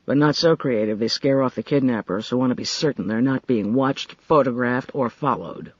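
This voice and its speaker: A man voicing a calm, weary male spy chief who speaks in a dry, measured way. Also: slightly rough, no echo, lo-fi sound, lightly acted. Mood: skeptical. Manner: dry, measured, low-key.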